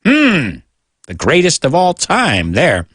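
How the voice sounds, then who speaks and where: A man's voice: on the high side, wildly swooping pitch, takes it slowly, fairly bright tone, breathy edge, dry recording, studio quality. An American man hosting a radio show that teaches English, chatting in a jokey way and switching between English and Spanish. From United States.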